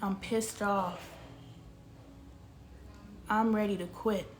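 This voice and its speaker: A woman's voice: medium pitch, fairly even intonation, very slow. A woman who makes online content and works as a spiritual coach, venting bluntly and swearing freely in a candid monologue.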